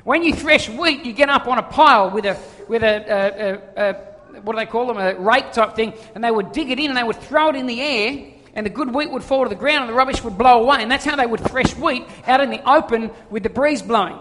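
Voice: mid-range voice, fairly quick, a bit bright. A preacher, giving a conversational sermon full of jokes and asides. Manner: conversational, joking storyteller. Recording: long reverb of a large hall.

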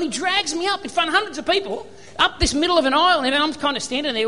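Australian male preacher, high voice, storytelling sermon, long hall reverb. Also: animated, fast, sharp tone. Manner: storytelling, acts out remembered dialogue.

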